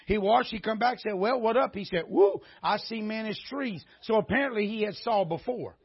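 A man with a high, husky voice and a drawl preaches with fire, animated and climbing to shouts at the peaks. The dull, lo-fi recording sounds like old church sermon audio.

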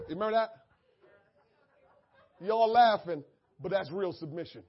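A man preaching a sermon, moving from quiet, low asides to shouted, drawn-out scripture lines. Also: animated, gravelly, dull audio. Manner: drawn-out emphatic scripture reading. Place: church.

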